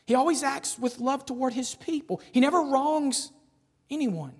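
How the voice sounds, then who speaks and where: A man preaching a sermon as pastor, asking the congregation rhetorical questions and tagging them with "right?", moving between loud emphasis and quiet asides. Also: very high voice, normal speed, slightly rough, long reverb tail.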